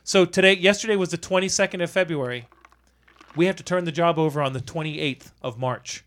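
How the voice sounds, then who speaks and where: Man, construction supervisor, somewhat high voice, casual storytelling, profane and exasperated. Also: brisk. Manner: profane, exasperated, animated retelling.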